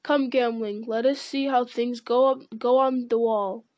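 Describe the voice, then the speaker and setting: A woman reading as a fierce shouting dwarf warrior. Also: on the high side, fairly even intonation, unhurried, lo-fi sound, close to an everyday voice. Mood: boastful. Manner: shouted battle cries.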